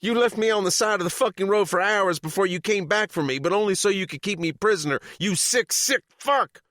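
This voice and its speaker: A man's voice: mid-range voice, lively intonation, moderate pace, a bit bright, no echo, studio quality, pitched above the performer's own voice. A man voicing a furious, vengeful mother held captive for decades, who shrieks her accusations in an audiobook. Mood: screaming, vindictive. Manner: shrieking, bitter, trembling. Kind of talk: audiobook character reading.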